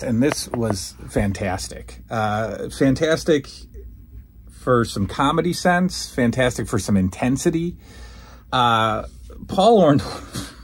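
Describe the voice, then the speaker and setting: A man giving a casual, excitable review of old wrestling footage, breaking into loud quotes of what the wrestlers say. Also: lowish voice, a little hiss or hum. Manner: excited, acts out quoted lines loudly. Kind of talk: casual commentary over footage.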